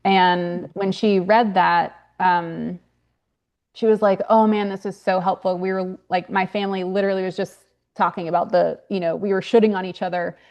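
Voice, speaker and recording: A woman's voice: fairly low pitch, fairly even intonation, normal speed, darkish tone, muffled recording. A young woman, a grief consultant and author, talking earnestly in a podcast interview with frequent fillers and restarts. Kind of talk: podcast interview, casual conversation.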